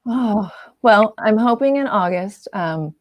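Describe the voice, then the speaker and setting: Woman artist guest, chatty and animated, laughs a lot, dry close sound. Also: medium pitch, takes it slowly, no room sound. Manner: animated, laughs often, lots of fillers. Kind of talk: casual conversational chat.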